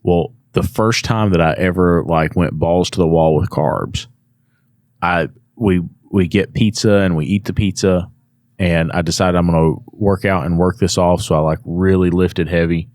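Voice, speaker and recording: A man guest on a podcast, telling a personal story in a casual, animated way and acting out the quotes. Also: deep voice, normal speed, dry recording, studio quality.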